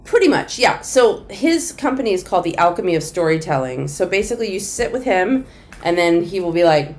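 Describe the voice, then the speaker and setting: A middle-aged woman comedian telling a long story in a conversational interview, animated and acting out the voices of the people she quotes. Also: mid-range voice, moderate pace, a little hiss or hum.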